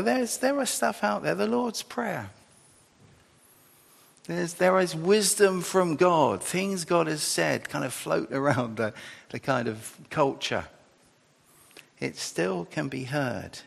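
A man delivers a sermon in a chatty, rambling way, his gravelly voice rising and falling with animation. His voice rings with the long reverb of a church hall. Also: fairly high pitch. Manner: conversational, rambling with restarts and asides. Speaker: preacher.

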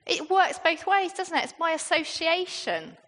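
High-voiced British woman preaching. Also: lively intonation, a little slow, a bit bright. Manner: conversational, with frequent rhetorical questions. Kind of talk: sermon. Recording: long reverb of a large hall.

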